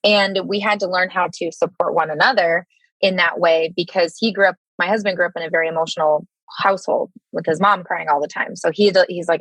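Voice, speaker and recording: A woman in her thirties with an American accent, a guest telling her Army stories in a candid interview, halting with many fillers and restarts. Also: fairly low pitch, fairly even intonation, a bit bright, no room sound, low-quality recording.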